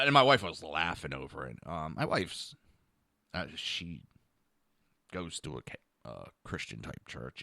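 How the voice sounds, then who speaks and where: Middle-aged man, podcast host, profane mocking rant, lively swings, bright forceful voice, dry close sound. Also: extremely low pitch, gravelly, no echo. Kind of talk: ranting political commentary.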